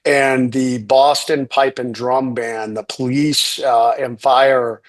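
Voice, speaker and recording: A man's voice: mid-range voice, level tone. Earnest middle-aged man recalling an event. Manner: earnest, unhurried, with fillers and restarts. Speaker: guest speaker, military veteran. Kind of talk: casual recollection on a webinar.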